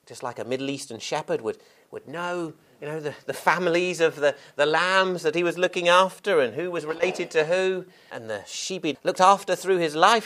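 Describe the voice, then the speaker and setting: A man preaching a sermon, unhurried and earnest, often restarting and repeating words as he explains scripture. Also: a little high, fairly bright tone.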